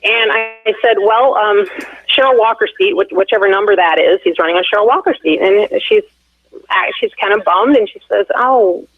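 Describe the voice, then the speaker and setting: A woman's voice: mid-range voice, moderate pace, no room sound. A woman in her forties, the candidate's wife, phoning in to an interview and telling a long story full of fillers and restarts. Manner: rambling, many fillers and restarts. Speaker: phone guest, candidate's wife. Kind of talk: casual storytelling on a call-in interview. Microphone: telephone. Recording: tinny phone line, dry.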